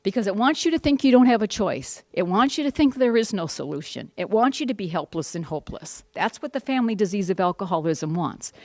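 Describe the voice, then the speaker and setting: A woman's voice: medium pitch, sing-song, fairly quick, few pauses, darkish tone, no echo. A middle-aged woman giving a candid, rambling personal testimony at a support group meeting, with wry asides and many restarts.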